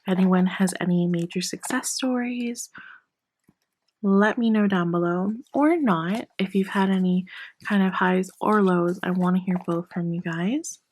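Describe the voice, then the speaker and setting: A woman vlogging about her budget in a casual, chatty way, a little hoarse as she loses her voice, often counting cash out loud. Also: fairly low pitch, measured pace, slight background noise, rough recording. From Canada. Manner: chatty, apologetic, counts bills aloud. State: losing her voice. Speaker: personal finance vlogger.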